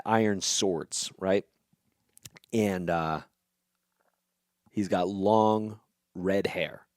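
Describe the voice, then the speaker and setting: A man's voice: low voice, a little mellow, dry recording, studio quality. A man hosting a podcast, casually retelling a fantasy novel in a loose, chatty way with lots of fillers and some swearing. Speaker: podcast host.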